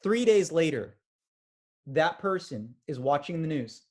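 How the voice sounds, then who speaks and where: Energetic man giving a sales pep talk. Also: a little high, a little slow. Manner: energetic, acts out quoted conversations. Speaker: business trainer. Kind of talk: motivational sales training talk.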